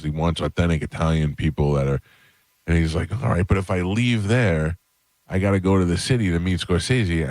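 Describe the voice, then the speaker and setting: A radio host telling a long story in a casual way and acting out the voices of the people in it. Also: male voice, low voice, no echo, studio quality. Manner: animated, acts out quoted voices. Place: radio studio.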